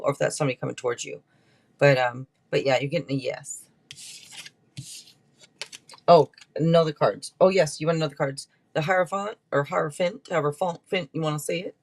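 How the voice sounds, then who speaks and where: A woman hosting a live tarot stream, chatting casually and rambling through card meanings. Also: deep voice. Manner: chatty and rambling, with many restarts.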